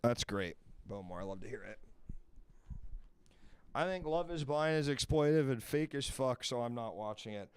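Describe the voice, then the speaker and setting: A man's voice: mid-range voice, lively intonation, moderate pace, clear, resonant tone, no echo. A man hosting a live advice stream, chatting loosely and rambling, swearing freely as he goes. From Washington, D.C. area. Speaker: livestream advice show host. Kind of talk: casual live-stream chat.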